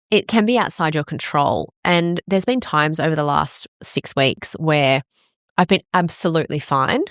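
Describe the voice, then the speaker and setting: A woman's voice: low-pitched, a bit bright, no room sound, studio quality. A woman in her forties, a fitness coach, talking frankly and swearing freely in a candid personal monologue. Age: 40s.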